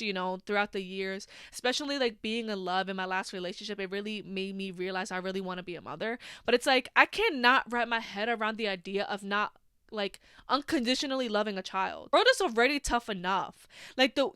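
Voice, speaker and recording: A woman's voice: mid-range voice, fairly bright tone, smooth, no room sound, clean studio sound. A woman in her twenties hosting a solo podcast, talking frankly and with a lot of swearing and "like" fillers. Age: 20s. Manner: frank and heavily profane, full of "like" fillers. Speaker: podcast host. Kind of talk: candid solo podcast monologue.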